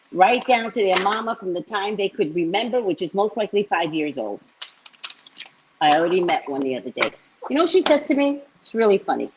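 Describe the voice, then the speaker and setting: A woman psychic reader telling a story to her live-stream viewers in a casual, animated way, often tagging lines with "right?". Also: medium pitch, husky. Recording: dull lo-fi stream audio.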